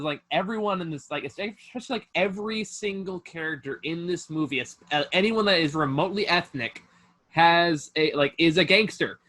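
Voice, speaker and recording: A man's voice: a little high, a bit bright. A man hosting a casual film review chat over a video call, talking in a profane, mocking way full of fillers. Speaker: host.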